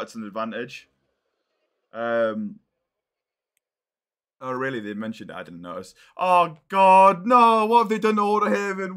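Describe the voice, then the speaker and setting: A man's voice: medium pitch, pushed and bright. A young man reacting on a live stream, exasperated and swearing as he thinks aloud.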